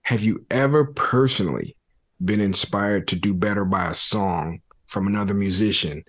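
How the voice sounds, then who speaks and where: A man hosting a podcast, laying out his theories in a thoughtful, relaxed conversational way. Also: on the low side, normal speed. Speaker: podcast host. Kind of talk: casual conversation about hip-hop.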